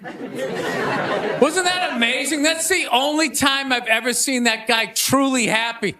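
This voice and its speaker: A man opens the show with an animated stand-up set and shouts his punchlines. His voice is very high. Loud crowd laughter and steady noise fill the live recording. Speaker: comedian and show host. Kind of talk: stand-up monologue.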